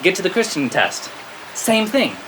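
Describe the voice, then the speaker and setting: An American man, a spiritual teacher, telling a story to his listeners in a lively way, often checking in with "okay?" and laughing at himself. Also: high-pitched, moderate pace. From United States. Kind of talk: storytelling talk to a spiritual audience. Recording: steady rain-like background noise.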